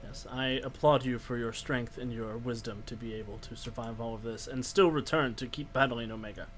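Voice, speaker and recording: A man voicing a tall, posh, well-dressed gentleman cyclist who speaks in a formal, courtly way, in a tabletop game. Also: medium pitch, fairly even intonation, a little fast, a little hiss or hum, lightly acted, poor audio.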